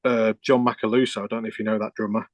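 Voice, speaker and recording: A man's voice: fairly low pitch, little pitch movement, fast talker, dry recording, dull audio. A middle-aged man, a keyboard player, telling a rambling story with restarts and quoted dialogue in a casual interview.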